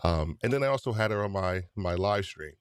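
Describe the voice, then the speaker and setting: Upbeat low-voiced male podcast host. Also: animated, a little fast, clear, resonant tone, dry recording, clean studio sound. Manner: upbeat, chatty, teasing. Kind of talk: live-stream podcast hosting.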